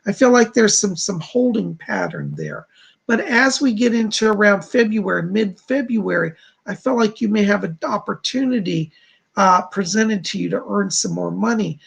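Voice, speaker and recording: A man doing psychic readings on a live stream in a soft, reassuring manner, reading out viewer messages and answering each one. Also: sits high, gravelly, husky. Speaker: psychic medium.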